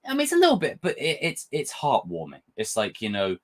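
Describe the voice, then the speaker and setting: Brief: young man, fired-up profane reviewer, pitch swinging up and down. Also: brisk. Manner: animated, rambling, passionate and profane. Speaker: film and TV reviewer. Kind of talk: casual review vlog.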